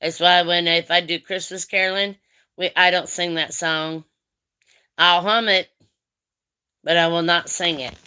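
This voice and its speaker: A woman's voice: on the low side, fairly even intonation, measured pace, pauses often, bright, forceful tone, clear, resonant tone. A woman hosting a casual craft chat livestream, talking in a folksy, affectionate way straight to her viewers. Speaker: live-stream craft chat host.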